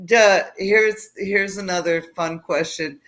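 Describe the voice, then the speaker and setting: A woman's voice: medium pitch, fairly even intonation, slow pace, a bit bright. A woman hosting a casual livestream chat, chatty and reading out viewer comments. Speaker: host.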